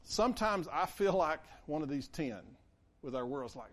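Pastor guy preaching, high voice, swoops all over, acts out the lines. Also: a little fast. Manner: conversational, animated, acts out quotes. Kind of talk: sermon.

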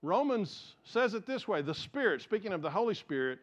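A man preaching a sermon as pastor, telling stories earnestly and dropping from raised emphasis to hushed, quiet passages. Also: sits high, sing-song, a little fast. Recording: dull lo-fi sound.

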